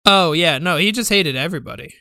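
Male podcast co-host, sharp bright tone, dry close sound, quick wry asides. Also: on the high side, expressive, vocal fry, no room sound. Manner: brief wry interjections. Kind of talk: casual movie chat.

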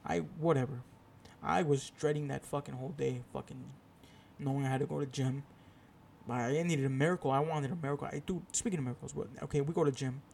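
Gravelly-voiced young man ranting casually. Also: mid-range voice, steady tone, brisk, a little mellow, a little hiss or hum. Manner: profane, rambling, self-deprecating. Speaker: podcast host. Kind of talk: casual solo storytelling.

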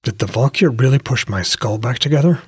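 A man doing a husky, groggy blind warrior in pain. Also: mid-range voice, expressive, brisk, big-room sound. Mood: wry. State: in pain, dry-mouthed. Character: blind injured young man, wry and stubborn.

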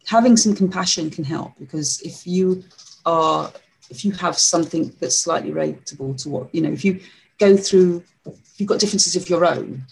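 A woman as a podcast guest, telling a story in a reflective way, with frequent pauses and fillers. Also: low-pitched, gravelly, a little mellow, husky, low-quality recording. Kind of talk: conversational interview storytelling.

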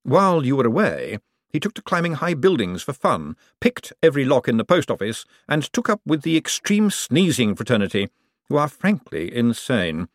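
A suave, sardonic ruler speaks in an audiobook reading, voiced by a man. He stays cool, measured and drily amused, his voice lively in pitch and heard close in a dry booth. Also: dry recording, lightly acted. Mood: smooth.

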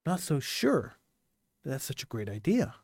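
Guy ranting solo to the camera, lively rising-and-falling voice, dry close sound. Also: medium pitch, normal speed, vocal fry, dry recording. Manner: impassioned, repetitive rhetorical questions. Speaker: commentator. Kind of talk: monologue commentary.

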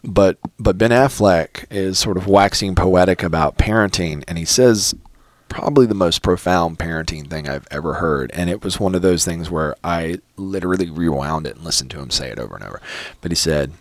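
A middle-aged man co-hosting a casual chat show, animated, laughing often and slipping into quick put-on voices. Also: low-pitched, dry recording. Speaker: podcast co-host.

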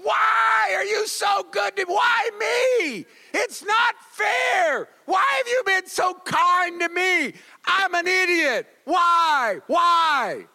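A male preacher acting out a man who yells at God in mock protest over his good luck. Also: very high-pitched, expressive, slow pace, gravelly, few pauses, a faint crowd, pitched above the performer's own voice, heavily acted. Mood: mock outrage. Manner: yelling at the sky in mock protest. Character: shouting man baffled by blessings.

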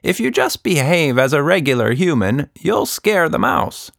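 A man's voice: on the high side, sing-song, moderate pace, gravelly, a bit bright, dry recording, clean studio sound, voice pushed up, heavily acted. A man voicing an earnest monkey who explains things carefully. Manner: careful, matter-of-fact, explaining. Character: monkey companion, earnest and observant.

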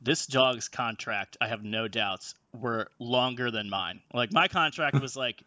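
A man tells a rambling, swear-filled anecdote, laughing along the way. His voice is bright and forward. The recording is dry and close, with no room sound. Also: medium pitch, a little slow, hardly any pauses, no room sound. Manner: profane, animated, laughing while telling. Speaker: storyteller on a comedy podcast. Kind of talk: casual anecdote telling.

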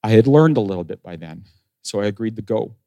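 A man's voice: lowish voice, animated, quick pace, dark tone, dry recording. A middle-aged man, a pastor, telling his story in a sermon, acting out conversations with self-deprecating humor. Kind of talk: sermon testimony.

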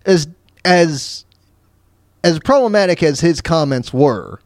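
Male podcast host, casual and rambling, very lively pitch, dry close sound. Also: takes it slowly, no room sound. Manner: rambling, hesitant, full of fillers and restarts. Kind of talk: casual commentary over news clips.

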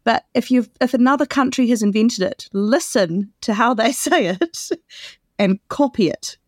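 A woman co-hosting a podcast in casual chat, laughing often and turning animated when amused. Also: a little high, normal speed, no room sound, clean studio sound. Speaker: podcast co-host.

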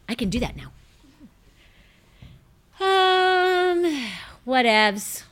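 A middle-aged woman hosting a show, telling rambling, self-mocking stories in a bubbly, casual chat and breaking into high laughing fits. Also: very animated, drawn-out words, pauses often, fairly bright tone. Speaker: host.

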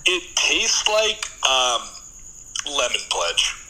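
A man's voice: medium pitch, huge pitch swings, extremely slow, sharp tone, slight background noise, rough recording. A man chatting as a podcast guest and telling a rambling, jokey story. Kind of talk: casual chat.

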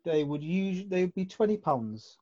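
A man's voice: sits high, expressive, moderate pace, a little mellow, lo-fi sound. A man playing his character in a tabletop game, asking friendly questions. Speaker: player. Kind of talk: in-character tabletop role-play.

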